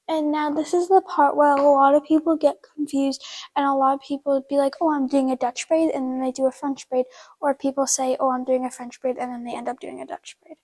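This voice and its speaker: A woman's voice: high voice, darkish tone, rough recording. A woman hosting a horse-care video at a barn, explaining a braid in a chatty, casual way with lots of fillers while she works. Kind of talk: casual how-to demonstration.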